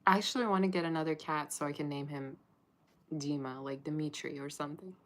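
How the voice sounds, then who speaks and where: A woman's voice: sits low, fairly even intonation, fairly quick. A woman giving a casual tarot reading to camera, chatty and laughing often as she talks to viewers. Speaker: tarot reader.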